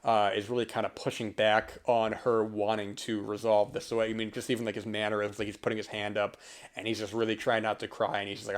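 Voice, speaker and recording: A young man from the US East Coast rambles through a casual film review, pausing on fillers and starting sentences over. His voice sits a little low. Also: flat delivery. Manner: rambling, many fillers and restarts. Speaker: podcast host.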